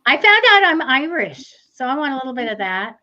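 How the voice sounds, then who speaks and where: A chatty woman co-hosting a psychic show, with a voice pitched a bit high. She rambles from story to story and laughs often. The recording sounds dull and muffled. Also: sing-song, a little fast, over a noisy crowd. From United States. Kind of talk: casual chat.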